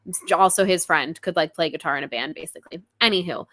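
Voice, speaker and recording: A young woman co-hosting a casual podcast, rambling through stories with quick asides and apologies. Her voice is bright and forward, sitting a touch low for a woman, and it sounds dry and close on the mic. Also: no room sound. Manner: rambling, chatty, self-deprecating, quick asides. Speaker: podcast co-host.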